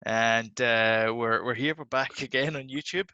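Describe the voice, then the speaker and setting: A man's voice: medium pitch, measured pace, bright, forceful tone, clean tone, no echo, dull audio. A man co-hosting a podcast, chatting casually and laughing easily. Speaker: podcast co-host. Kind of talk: casual chat.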